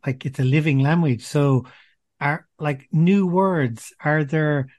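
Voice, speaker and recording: A man's voice: on the high side, steady tone, slow pace, darkish tone. A man hosting a casual interview, asking loosely worded, curious questions. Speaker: host.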